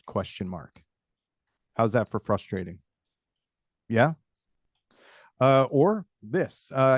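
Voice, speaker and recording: A man's voice: medium pitch, expressive, takes it slowly, long pauses, no room sound, studio quality. A man hosting a live webinar on video call, coaching sales agents and improvising sample messages while calling on attendees by name.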